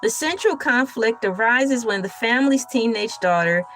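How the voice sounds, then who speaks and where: A woman's voice: fairly high pitch, lively intonation, moderate pace, a bit bright, soft background music. A young adult woman hosting a casual livestream, chatty and laughing often as she talks to her chat. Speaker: livestream host.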